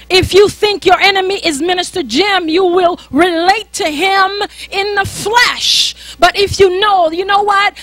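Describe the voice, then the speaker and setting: A woman's voice: very high voice, bright, forceful tone, no echo. A woman minister preaching a sermon in an emphatic, conversational way, often repeating herself.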